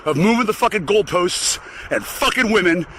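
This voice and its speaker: A man with a high, piercingly bright voice rants in fury, swearing constantly and breaking into shouts. He is walking outdoors, with a faint hiss of background noise. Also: animated, moderate pace, poor audio. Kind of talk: angry profane rant to camera. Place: outdoors, walking to get the mail.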